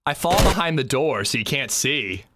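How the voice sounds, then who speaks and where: A man streaming a game live, chatting casually with viewers, swearing freely and breaking into loud laughs. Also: mid-range voice, lively intonation, normal speed, background noise. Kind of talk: casual livestream chat while gaming.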